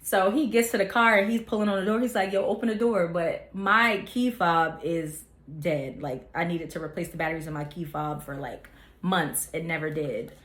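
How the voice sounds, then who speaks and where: A woman's voice: fairly low pitch, normal speed, fairly bright tone. A young woman vlogger telling a casual storytime, chatty with lots of filler words. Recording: echoey room.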